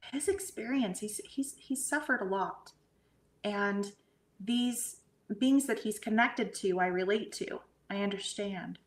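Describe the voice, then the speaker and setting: Middle-aged woman telling her story, keeps dropping to a whisper, roomy echoey sound. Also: mid-range voice. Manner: halting, often dropping to a soft whisper. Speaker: guest. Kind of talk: emotional personal storytelling. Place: at home. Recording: roomy echo.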